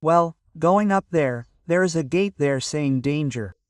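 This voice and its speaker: A man's voice: fairly high pitch, expressive, measured pace, darkish tone, no echo, studio quality, recorded from a distance. A man narrating a casual hiking vlog outdoors, chatty and always telling viewers to look, panting as he climbs. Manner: chatty, keeps prompting viewers with "look" and "right?". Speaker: vlogger.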